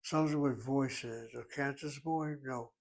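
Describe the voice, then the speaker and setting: A man teaching a Hebrew class, explaining grammar in a deliberate, step-by-step way and sometimes thinking aloud. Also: medium pitch, steady tone, gravelly.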